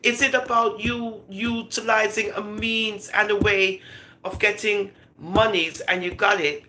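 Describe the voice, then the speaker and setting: A woman giving lively, laughing commentary to viewers, slipping into patois as she goes. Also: medium pitch, noisy background. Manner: animated, laughing, patois-flavored gossip talk. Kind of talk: casual live commentary.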